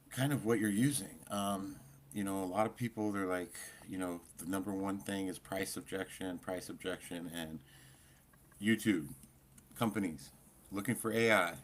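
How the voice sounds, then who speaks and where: A man co-hosts a casual live stream, rambling loosely with plenty of fillers. His voice sits low. A faint hum of noise runs behind him. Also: fairly even intonation, normal speed, pauses often. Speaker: co-host.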